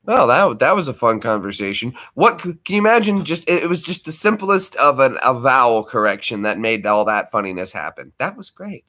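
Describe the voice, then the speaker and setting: A man hosts a casual live stream from home, talking to his viewers in a loose, chatty way and laughing readily. His voice is bright and forceful. It rises and falls a great deal as he talks. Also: medium pitch, very animated, brisk, few pauses.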